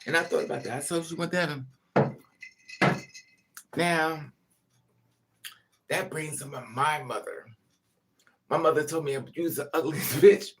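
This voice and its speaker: Speaking at a measured pace with frequent pauses, this vlogger has a fairly bright, high-side voice with fairly even intonation, and slight background noise is audible. Addressing the camera, he shares candid family stories in a blunt, profane, emphatic monologue full of asides.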